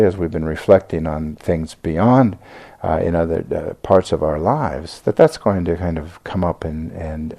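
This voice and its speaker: An older American man gives a reflective Buddhist talk with a deep voice. His tone is gravelly and mellow. He stops and restarts often and fills the gaps with "uh" and "you know.". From United States. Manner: halting, with many fillers and restarts. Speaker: Buddhist teacher giving a talk.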